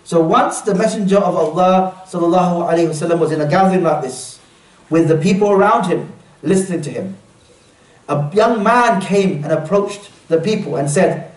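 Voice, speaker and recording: Man, workshop speaker, earnest, quizzes the audience, high voice, echoey room, mic some way off. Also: animated, fairly quick, distant mic. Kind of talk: religious workshop talk.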